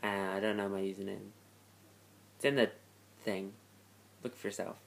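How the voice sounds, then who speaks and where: A young man from London with a London accent, reading a word list in a casual, offhand, deadpan vlog. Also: fairly low pitch, normal speed, gravelly, a little hiss or hum. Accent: London English. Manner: offhand, deadpan, self-deprecating. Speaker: vlogger. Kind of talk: casual talking-head vlog.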